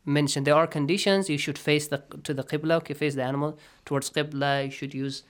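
A man's voice: fairly high pitch, steady tone, quick pace, smooth. A man teaching a classroom tajweed lesson, patiently checking that students follow, often asking "okay?" and dropping into near-whispered asides between recited phrases.

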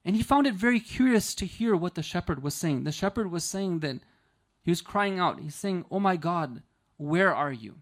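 A man's voice: high-pitched, lively intonation, a little fast. Conversational male Islamic lecturer. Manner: conversational, with frequent rhetorical "right?" checks. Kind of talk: storytelling lecture.

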